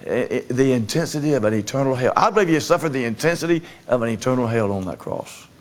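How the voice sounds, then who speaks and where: A man's voice: medium pitch, lively intonation, fast talker. A man preaching a sermon, telling a story and calling for amens from the congregation. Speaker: pastor.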